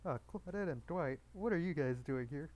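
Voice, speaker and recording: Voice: medium pitch, animated, normal speed, a little mellow, poor audio. A streamer reading a dating game aloud, full of joking asides and giggles. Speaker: gameplay streamer.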